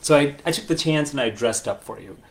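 A man talking straight to camera about money, chatty and full of jokes and asides. His voice is gravelly with a mid-range pitch, relaxed and conversational. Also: fairly quick. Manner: chatty, joking, many asides. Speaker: financial advisor. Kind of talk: casual talking-head video.

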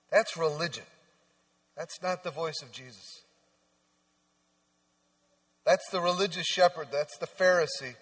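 Standing at the pulpit, a pastor delivers an animated sermon at a moderate pace, his fairly high voice telling stories conversationally and often sinking into soft, hushed tones. The big church sanctuary gives everything a long, ringing reverb.

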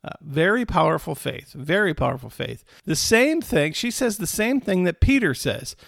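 Male preacher with a gravelly voice and a dry, close sound, teaching scripture casually and acting out the quotes. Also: on the high side, big pitch swings, moderate pace, a bit bright, no room sound. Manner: retells scripture in plain words, with restarts and repetition; acts out quoted characters with a raised voice. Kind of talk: conversational Bible teaching.

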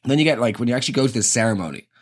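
A man's voice: mid-range voice, expressive, very fast, a little hiss or hum. A young Irish man giving a rambling, sweary comic monologue and acting out little scenes.

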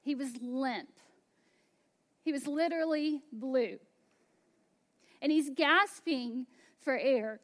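A woman pastor in her thirties preaching a sermon, slow and emphatic, dropping to hushed asides. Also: sits high.

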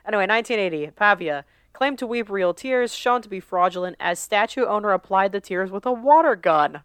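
A woman's voice: medium pitch, animated, a little fast, smooth, no echo, clean studio sound. A woman co-hosting a casual podcast, reading through a list with loose asides and laughs. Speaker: podcast co-host.

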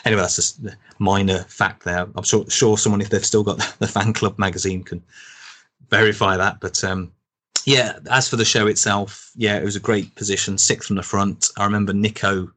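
A man's voice: fairly low pitch, fairly even intonation, normal speed, fairly bright tone. A man, a guest in a casual interview, rambling and chuckling through old memories. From Birmingham, England. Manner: rambling, restarts often, chuckles while telling stories.

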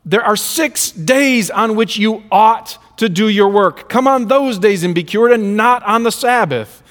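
A man's voice: sits high, measured pace, fairly bright tone. A man voicing an indignant, rule-bound religious leader who scolds a crowd insistently. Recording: reverberant hall.

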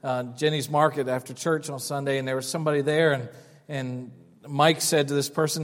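A man's voice: mid-range voice, fairly even intonation, brisk. A middle-aged man preaching a sermon as a pastor, telling a story in a conversational way and often restarting his words. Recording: long church reverb.

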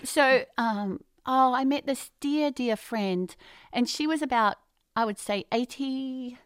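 A woman telling lively faith stories as a guest, exuberant, with loud bursts of excitement and sudden quiet, near-whispered asides. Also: sits high, slow, smooth, no echo. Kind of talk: enthusiastic Christian testimony.

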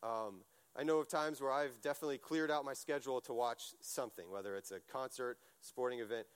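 A man preaching a casual sermon, telling stories in a chatty, animated way, full of fillers and restarts. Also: medium pitch, fairly quick, clean tone.

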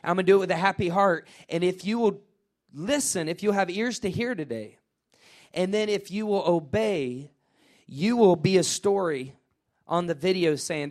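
A middle-aged pastor, preaching a lively sermon and calling out to his congregation. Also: sits high, moderate pace. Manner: energetic, call-and-response with congregation. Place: church sanctuary.

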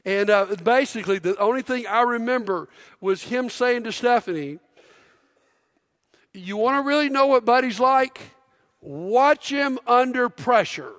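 A middle-aged man preaching a sermon in a church, energetic and conversational, prompting the congregation. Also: very high-pitched, a little slow. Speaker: pastor. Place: church auditorium. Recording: long hall reverb.

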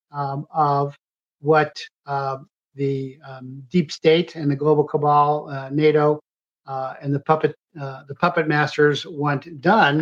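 A man hosting a live political commentary show, rambling in a halting way with constant uh and um fillers and self-corrections. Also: on the high side, muffled recording. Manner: halting delivery full of uh and um fillers.

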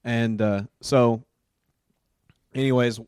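A man casually telling a long work story, rambling with fillers and getting animated as he acts out what people said. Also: medium pitch, takes it slowly, smooth, no room sound, clean studio sound.

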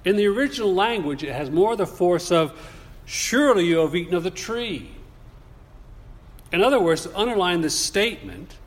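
A man preaching a sermon in a measured, deliberate way, putting rhetorical questions to his congregation. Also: fairly high pitch. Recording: long reverb of a large hall.

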